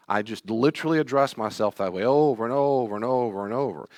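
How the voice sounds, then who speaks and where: A man's voice: mid-range voice, fast, few pauses, darkish tone, no room sound, clean studio sound. A man teaching a Bible study class in a rambling, self-deprecating way, often acting out inner dialogues in a raised voice.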